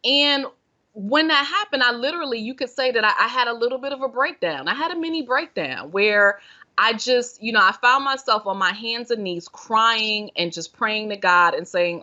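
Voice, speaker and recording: A bright, forward-voiced woman recounts her own story as a podcast guest, earnest and expressive, slipping into the voice of her past self. The audio is dull and lo-fi, like a remote call. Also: a little high, moderate pace. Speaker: podcast guest, self-care and meditation guide. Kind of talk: personal story told in conversation.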